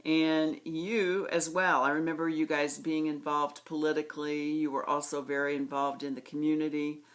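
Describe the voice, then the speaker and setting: A middle-aged woman recording a personal birthday message to her aunt, reminiscing fondly and slowly with pauses. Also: low voice, level tone. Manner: fond, reminiscing, slow with pauses. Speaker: niece giving a birthday tribute.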